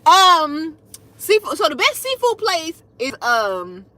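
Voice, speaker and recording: Lively high-voiced woman on a livestream. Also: slow pace. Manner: animated, talks straight to viewers, reads out comments. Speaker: food content creator. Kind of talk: casual livestream chat.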